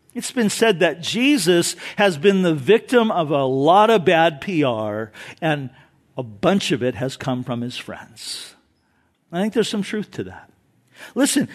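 High, lively-voiced pastor preaching slowly. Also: male voice. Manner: emphatic preaching with rhetorical questions and repetition. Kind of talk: sermon.

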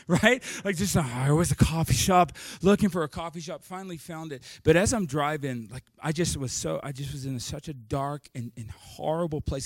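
Candid joking pastor, dry sound. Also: male voice, on the high side, dry recording. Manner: candid, self-deprecating, joking asides. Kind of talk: storytelling sermon.

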